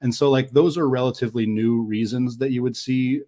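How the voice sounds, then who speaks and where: Measured analytical podcast man. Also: mid-range voice, fairly even intonation, dark tone. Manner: measured, analytical, trails off mid-thought. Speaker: podcast co-host. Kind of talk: casual sports talk.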